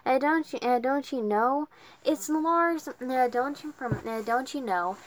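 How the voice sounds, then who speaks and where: A woman doing a bully boy with a Midwestern drawl. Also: high voice. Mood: smug. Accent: Midwestern American. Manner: halting, stumbling over words. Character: big teenage boy bully with a thick folksy twang.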